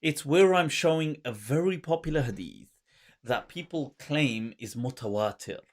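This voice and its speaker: Lively man hosting, quick laughs. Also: mid-range voice. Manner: animated, laughs often, scholarly asides in Arabic terms. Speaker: host. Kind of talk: casual podcast conversation.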